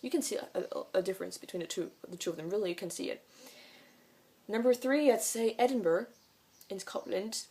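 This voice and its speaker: A woman's voice: medium pitch, brisk, warm tone, husky. Young french girl doing a q&a vlog, lots of ums and restarts, just talking to her camera. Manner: rambling, hesitant, many fillers and restarts. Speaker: vlogger. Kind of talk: casual Q&A vlog.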